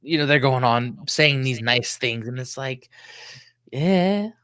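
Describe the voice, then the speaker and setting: Slow, bright-voiced chatty man. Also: medium pitch, lively intonation, clean tone, no room sound. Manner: laughs often, chatty. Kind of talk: casual chat.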